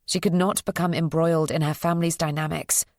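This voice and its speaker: Woman reading a thriller audiobook, low voice, steady pace, dead dry recording. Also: dry recording. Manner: even, measured storytelling; voices characters. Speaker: audiobook narrator. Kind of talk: scripted audiobook narration.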